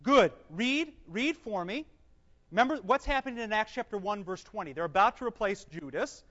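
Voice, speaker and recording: The recording, dull and echoey, comes from a hall where a Bible teacher holds a class before a live audience. His medium-pitched voice has lively intonation and a fairly bright tone as he slowly reads scripture, explains it, and quizzes listeners before supplying the answers himself.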